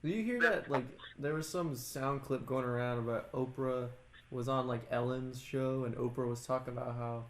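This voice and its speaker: A man guesting on a podcast in casual chat, reacting quietly and incredulously. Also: mid-range voice, normal speed.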